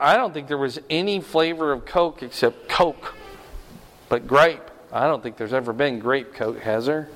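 Older guy giving a sermon, folksy storyteller, slightly high voice, long echo from the church hall. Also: a bit bright. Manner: folksy, conversational, asks the congregation questions.

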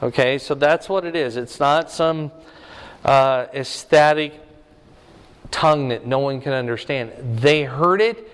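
A man's voice: mid-range voice, unhurried, clean tone. A middle-aged man preaching a Bible lesson in a conversational way, asking his listeners questions. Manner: conversational, asks the audience questions. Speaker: pastor. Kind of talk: Bible teaching to a congregation. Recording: long hall reverb.

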